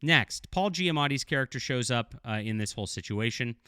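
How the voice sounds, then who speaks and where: A man's voice: mid-range voice, expressive, fairly quick, pushed and bright, clean tone, dry recording, clean studio sound. A middle-aged man giving casual video commentary as a TV show reviewer, blunt and critical, rambling with fillers.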